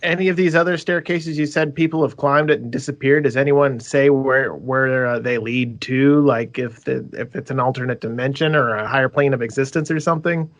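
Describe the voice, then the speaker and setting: A man's voice: mid-range voice, steady tone, a little fast, hardly any pauses. A man co-hosting a casual podcast chat, playful, cracking jokes and asking questions. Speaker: podcast co-host.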